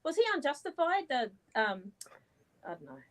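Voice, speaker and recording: A woman co-hosting a casual chat, teasing and reacting quickly. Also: high voice, huge pitch swings, a crowd in the background.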